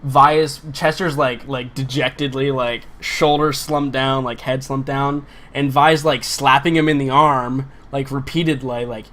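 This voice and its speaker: A man running a tabletop role-playing game, describing scenes in a rambling, filler-heavy way. His voice sits at a middle pitch. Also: steady tone, normal speed, hardly any pauses, fairly bright tone. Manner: loose, filler-heavy narration. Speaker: game master.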